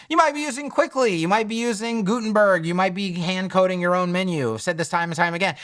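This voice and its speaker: Bright, upbeat man teaching web design. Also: on the high side. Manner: energetic, informal and joking, with emphatic asides. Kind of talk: screen-recorded coding tutorial.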